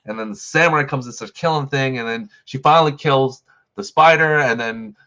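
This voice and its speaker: A man's voice: mid-range voice, fairly quick, pushed and bright, lo-fi sound. Man casually recapping a film. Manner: rambling, filler-heavy retelling with lots of "like". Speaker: movie review show host.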